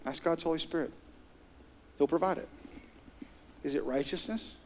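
A middle-aged man preaches a sermon as pastor, his voice on the high side and his pace moderate. He's earnest and conversational, with soft laughs. There's a little hiss or hum in the recording.

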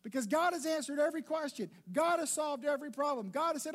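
High-voiced, emphatic man preaching. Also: fast talker, a bit bright. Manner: conversational, emphatic, repeats phrases for stress. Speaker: pastor. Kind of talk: sermon.

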